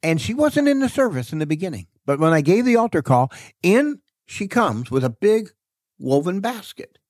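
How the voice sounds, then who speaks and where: Animated storytelling preacher, a man. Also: high-pitched, moderate pace, no echo. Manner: animated storyteller, acts out quoted dialogue. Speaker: preacher and author guest. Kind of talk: casual storytelling interview.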